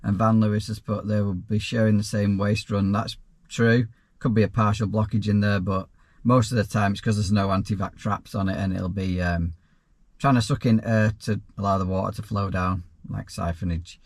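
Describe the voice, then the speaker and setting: A man with a fairly low voice talks through viewer questions in an easygoing vlog. He rambles a little, restarts sentences and drops in dry, offhand remarks. The delivery stays relaxed and unpolished. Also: moderate pace, no room sound. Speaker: self-employed plumber and YouTuber. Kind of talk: casual Q&A vlog.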